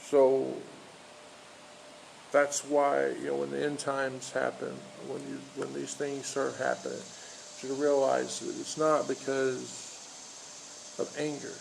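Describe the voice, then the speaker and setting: Male pastor, gravelly voice, halting unscripted sermon with lots of fillers, faint outdoor noise behind. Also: medium pitch, level tone, poor audio. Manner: halting, many fillers and restarts. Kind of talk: informal outdoor sermon with storytelling. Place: outdoors in a park.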